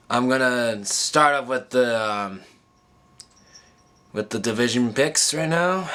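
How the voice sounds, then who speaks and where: A man with a bright, forceful tone talks straight to his viewers about the playoffs. He halts often, restarting his sentences and filling gaps with ums. He sounds close to tears. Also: mid-range voice. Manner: halting, many ums and restarts, choked up. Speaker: sports vlogger. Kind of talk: casual emotional monologue.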